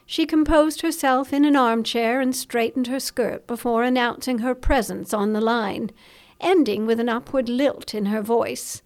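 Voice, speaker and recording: A woman reading a suspense novel aloud in a measured, dramatic storytelling manner. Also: fairly high pitch, a little mellow. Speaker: audiobook narrator. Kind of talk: scripted novel narration.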